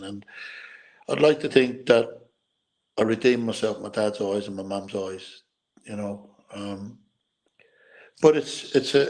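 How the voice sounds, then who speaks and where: A middle-aged Irish man, a former boxer, telling stories in an interview, halting and repeating words, tearful at times. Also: on the low side, darkish tone, low-quality recording. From Ireland. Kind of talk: emotional storytelling interview.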